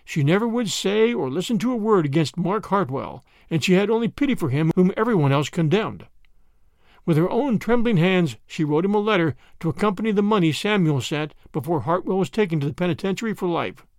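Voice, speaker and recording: A man narrating a classic short story as a podcast host, in expressive, measured storytelling. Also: sits high, no echo, studio quality.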